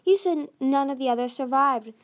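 A woman's voice: on the high side, normal speed, a little mellow, lightly acted. A woman reading aloud, voicing a proud, anxious young female sea dragon who speaks emphatically. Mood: upset. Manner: emphatic, pleading.

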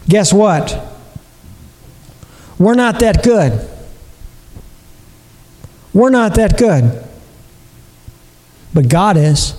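A man's voice: sits high, big pitch swings, very slow, pauses often, a little mellow, in a large hall, poor audio. A man preaching a sermon as pastor, earnest and repetitive, asking his listeners rhetorical questions. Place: church.

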